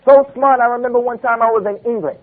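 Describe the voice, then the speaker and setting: A man's voice: very high-pitched, steady tone, fast. A man giving an Islamic lecture, emphatic and full of rhetorical questions, quoting Arabic texts. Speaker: preacher. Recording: phone-like lo-fi recording.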